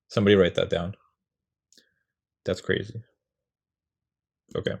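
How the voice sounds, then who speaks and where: A young man hosts a poetry tutorial in a low-pitched, husky, creaky voice with fairly even intonation, a measured pace and frequent pauses. He explains writing a poem in a casual, rambling, self-mocking way, sounding out rhythms.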